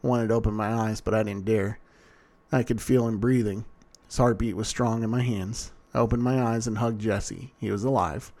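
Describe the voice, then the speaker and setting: Gravelly man with a dry tone. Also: fairly low pitch, steady tone, normal speed, darkish tone. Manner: dry, sardonic, blunt. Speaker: narrator. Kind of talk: first-person story reading.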